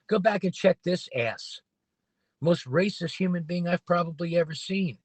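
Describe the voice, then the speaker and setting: A man's voice: high voice, normal speed, slightly rough, dry recording. A man hosting a casual livestream from his parked car, rambling and opinionated with many restarts. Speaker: livestream host.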